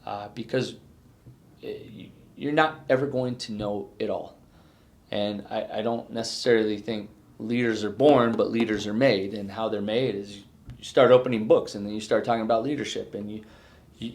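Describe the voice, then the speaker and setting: A middle-aged man and retiring fire chief, reflecting in an exit interview, earnest and halting with many restarts. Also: fairly low pitch, gravelly, a little mellow.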